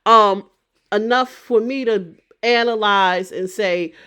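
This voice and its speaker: A woman's voice: medium pitch, slow, bright, forceful tone, clean tone. A woman vlogger giving casual opinion commentary, thinking aloud and often restarting and repeating phrases.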